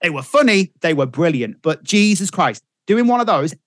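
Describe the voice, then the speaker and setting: Middle-aged radio guy, swears a lot, very lively tone, dead dry mic. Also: sits high, moderate pace, dry recording. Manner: animated storyteller, swears freely. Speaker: radio presenter, guest. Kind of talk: casual chat.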